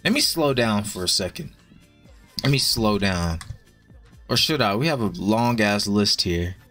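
A young man streaming and chatting with his viewers in a blunt, profane way, giving quick verdicts with plenty of casual swearing. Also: fairly low pitch, animated, a bit bright, faint music behind. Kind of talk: casual live-stream commentary.

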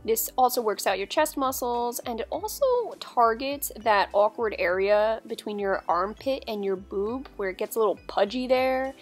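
A woman's voice: on the high side, moderate pace, hardly any pauses, soft background music. A young woman talking through a dumbbell workout in a chatty, upbeat, instructive way, like a fitness vlogger.

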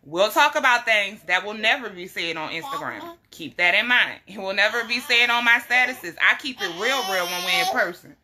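A young woman, talking bluntly and casually to her followers, animated and quick to laugh. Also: mid-range voice. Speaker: herbal health vlogger. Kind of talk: casual straight-talking live chat.

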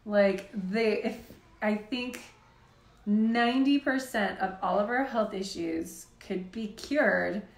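A woman's voice: medium pitch, takes it slowly, echoey room. A woman hosting a live health Q&A, talking in a casual, chatty way with lots of "like". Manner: chatty, says "like" often. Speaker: health show host.

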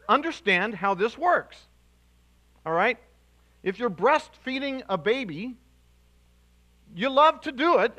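A male pastor preaching a sermon to his congregation, animated and emphatic, with restarts and sudden loud bursts. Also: high voice, low-quality recording. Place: church sanctuary.

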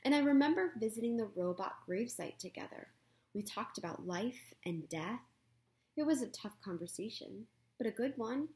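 Roz, a woman doing a gentle robot mother. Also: fairly high pitch, animated, moderate pace. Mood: tender.

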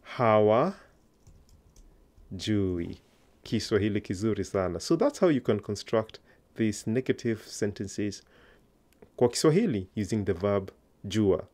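A man's voice: lowish voice, animated, unhurried, long pauses, a little mellow. Man teaching a language lesson. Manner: patient, coaxing learners to answer aloud.

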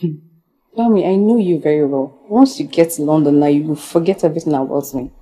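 An actress playing a trusting young woman with a Nigerian accent, soft and worried. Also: low voice, brisk, natural voice, poor audio.

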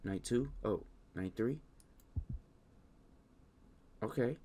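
Animated man playing a game, scolding the screen. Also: fairly low pitch, extremely slow. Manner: animated, talks to the game, scolds the baby in loud bursts; slangy casual talk. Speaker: gaming YouTuber. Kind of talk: casual let's-play commentary.

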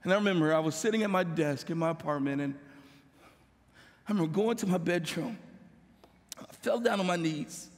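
A man's voice: a little high, a little fast, pauses often. A male pastor giving an emotional sermon testimony, weeping as he speaks and rising into impassioned pleas. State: crying. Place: church sanctuary. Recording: long hall reverb.

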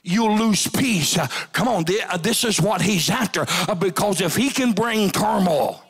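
A man preaching a revival sermon in a church, shouting and rising to high cries. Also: measured pace, husky. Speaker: pastor. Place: church sanctuary.

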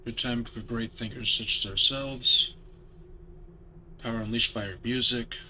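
A man's voice: mid-range voice, fairly even intonation, measured pace, bright, forceful tone, slight background noise. A man casually muttering live commentary while playing a stealth game, swearing freely. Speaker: streamer.

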